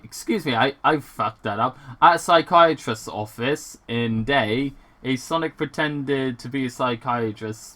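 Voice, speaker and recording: A man reading fan fiction aloud on his channel and chatting between passages, rambling and excitable, swearing casually and stumbling over words. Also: mid-range voice.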